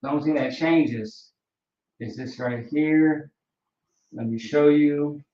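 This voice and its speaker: A man's voice: fairly high pitch, slow, slight background noise. Man teaching a class from across a roomy space. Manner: relaxed, repeats fillers like "you know" and "right?". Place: classroom, writing on a board. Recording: roomy, distant, dull lo-fi sound.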